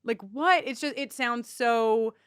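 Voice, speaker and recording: A woman's voice: fairly high pitch, slow pace, smooth, no room sound, studio quality. A woman from Long Island co-hosting a TV rewatch podcast, chatting in a rambling way full of ums and restarts. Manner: chatty, self-interrupting, with frequent ums. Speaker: podcast co-host. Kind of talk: casual chat.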